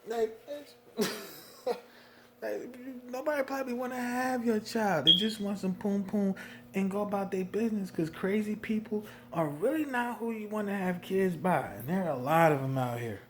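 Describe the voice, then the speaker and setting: A young man from New Jersey venting about being a father in a casual monologue, animated, with lots of "you know what I mean". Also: normal speed, noisy background. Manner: animated, swings loud and high when worked up, frequent "you know what I mean". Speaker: vlogger talking about fatherhood.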